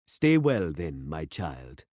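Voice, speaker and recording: A man voicing a grave, elderly village pastor in a story read aloud, speaking slowly and formally. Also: rumbling low, huge pitch swings, darkish tone, no room sound, clean studio sound, full character voice. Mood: solemn. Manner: slow, solemn and formal.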